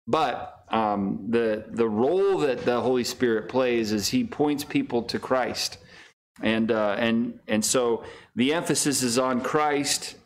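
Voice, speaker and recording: A middle-aged man teaching a Bible study as a pastor, talking casually with many ums, uhs and restarts. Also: slow. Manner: reads scripture in raised, higher voice.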